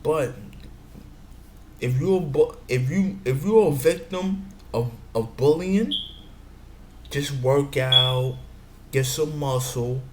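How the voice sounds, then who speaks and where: A man's voice: mid-range voice, takes it slowly, pauses often. A man giving advice in a meandering casual monologue, often saying "you know what I'm saying". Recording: echoey room with faint background noise.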